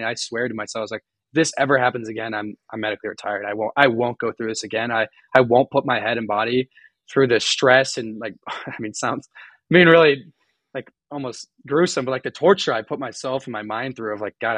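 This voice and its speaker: A young man giving a candid podcast interview, rambling and halting with many restarts, earnest and openly emotional. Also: mid-range voice, a bit bright, dry recording. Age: young adult. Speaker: guest college runner.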